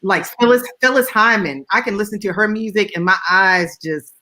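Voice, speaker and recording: A woman's voice: mid-range voice, moderate pace, pushed and bright. A woman radio DJ co-hosting a casual online show, gushing and emotional in her praise. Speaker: co-host, radio DJ.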